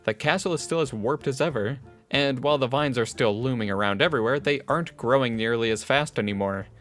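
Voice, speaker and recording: A game streamer gives a casual voiced playthrough of a visual novel, reading the narration and characters aloud with joking asides. He speaks briskly in a medium-pitched, slightly bright voice, with soft music playing in the background.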